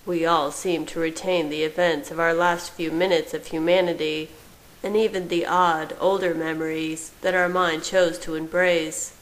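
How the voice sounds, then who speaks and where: A woman reading fan fiction aloud in a slow, soft, measured narration. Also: low-pitched, little pitch movement, poor audio. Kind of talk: storybook narration.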